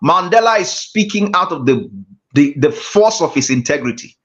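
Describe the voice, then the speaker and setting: Over dull, lo-fi call audio, a man with a slightly high, animated voice speaks at normal speed. He's a guest mentor giving a motivational talk to a class, hammering home emphatic phrases with preacher-like repetition.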